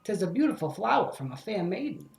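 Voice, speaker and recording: A man's voice: high-pitched, sing-song, fast, creaky, darkish tone, reverberant, voice pushed up, full character voice. A man voicing a dim, blundering young male sparrow who speaks in a blurting, pompous way.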